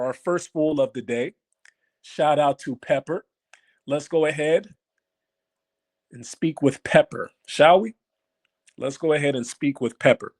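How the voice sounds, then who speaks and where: Man, livestream host, fairly high voice, animated, mocking, repeats questions to his audience. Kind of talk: casual livestream talk to chat.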